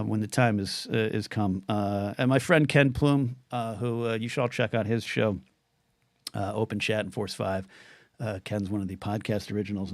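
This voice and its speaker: A man's voice: medium pitch, fairly bright tone, no room sound, clean studio sound. A middle-aged man hosting his own solo podcast livestream, rambling through stories and viewer comments, stumbling over words and getting choked up. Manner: rambling, repeats words, emotional and choked up when thanking viewers.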